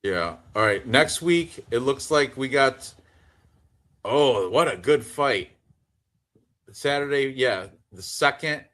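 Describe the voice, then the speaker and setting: A man's voice: medium pitch, expressive, slow pace, fairly bright tone. A man in his fifties co-hosting a sports betting show, rambling casually, laughing often and swearing freely. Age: 50s. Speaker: podcast co-host. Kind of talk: casual chat.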